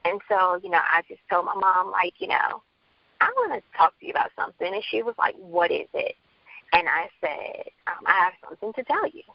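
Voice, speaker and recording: A woman's voice: mid-range voice, very animated, brisk, creaky, no room sound, highs cut off. A woman from the Bronx, an author guest, telling her story candidly in an interview and acting out quoted dialogue. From Bronx, New York.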